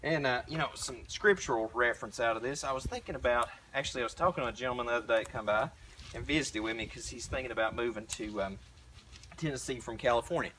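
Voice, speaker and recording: A man's voice: mid-range voice, quick pace, sharp tone, slight background noise. A young man with a Southern American accent giving a blunt, folksy, rambling talk while painting, full of restarts. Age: young adult. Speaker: prepper vlogger. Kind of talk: casual preaching monologue. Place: outdoors at a tiny house build site.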